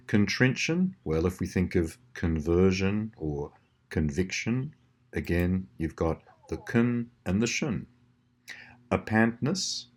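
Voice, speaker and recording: An Australian man explaining a language puzzle solution, slowly drawing out example words. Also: sits low, slightly rough. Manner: precise, drawn-out demonstration of words. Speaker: language teacher.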